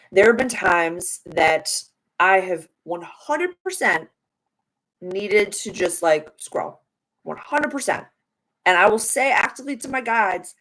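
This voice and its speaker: A woman's voice: mid-range voice, a bit bright, rough recording. A young adult woman giving a casual live tarot reading, chatty and affirming with spiritual wording. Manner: chatty with many "like" fillers. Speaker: tarot reader and live-stream host.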